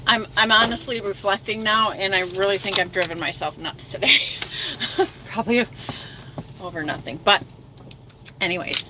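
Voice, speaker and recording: A woman's voice: mid-range voice, moderate pace, long pauses, noisy background. A middle-aged woman trucker hosting a casual livestream chat, self-mocking and reading viewer comments aloud.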